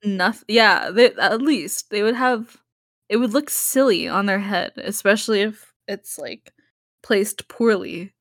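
A woman's voice: mid-range voice, measured pace, no echo, studio quality. A tipsy woman chatting casually, giggling often and swearing freely. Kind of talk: casual chat.

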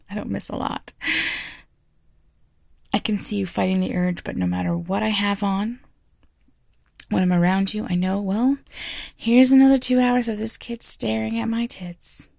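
A woman voicing a frank, playful teacher in an audio role-play, teasing and quick to laugh. She speaks slowly with a strongly gravelly, fried texture. The sound is close and dry, with no room around it. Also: medium pitch, steady tone, dark tone, dry recording. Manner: teasing, blunt, laughs often.

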